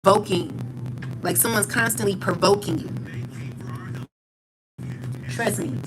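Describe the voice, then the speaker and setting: Steady monotone woman giving spiritual advice. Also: medium pitch, measured pace, pauses often, rough recording. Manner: calm, steady monotone delivery; rambling, repeats filler phrases. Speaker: tarot reader. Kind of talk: spiritual pep talk to viewers. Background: background music.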